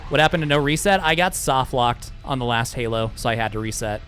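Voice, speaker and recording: A man's voice: mid-range voice, fairly quick, a bit bright, faint music behind. A man chatting casually with his live-stream chat while speedrunning a game, joking sarcastically and swearing freely.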